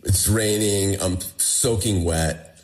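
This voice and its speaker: A low-voiced man takes his time recounting the ordeal he lived through, speaking as an interview guest. The storytelling is conversational but animated, with quoted dialogue acted out.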